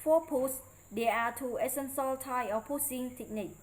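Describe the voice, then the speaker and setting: A woman's voice: on the high side, poor audio. Woman reading a presentation aloud carefully. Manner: careful, halting read-aloud delivery with non-native grammar. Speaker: student presenter. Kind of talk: read presentation lecture.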